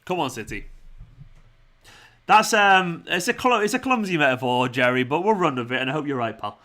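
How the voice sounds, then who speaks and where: A man's voice: on the high side, animated, normal speed, pushed and bright. A young man hosting a football watchalong stream, chatting casually, laughing and reading out viewer comments. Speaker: fan channel host. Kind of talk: live watchalong chat.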